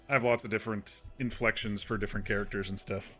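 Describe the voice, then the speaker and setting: A man's voice: fairly low pitch, pushed and bright. A man streaming a game, chatting casually to viewers in a soothing, rambling way with many restarts.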